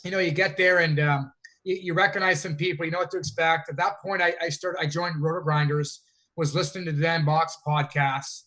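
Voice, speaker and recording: A man's voice: a little high, fairly even intonation, a little fast, bright, forceful tone. A man from Canada, a fantasy sports player, telling long rambling stories as a guest in a casual interview. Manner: rambling, self-correcting storyteller.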